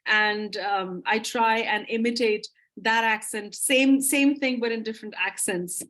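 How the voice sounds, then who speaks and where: A woman's voice: fairly high pitch, a little slow, fairly bright tone. A woman English teacher answering audience questions in a live webinar, talking with eager enthusiasm. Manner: enthusiastic, explanatory.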